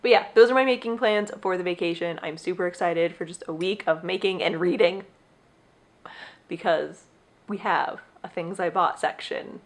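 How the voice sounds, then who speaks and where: A woman's voice: lowish voice, normal speed. A young adult woman hosting her own podcast, chatting casually and rambling with gushing enthusiasm. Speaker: podcast host. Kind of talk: casual solo chat.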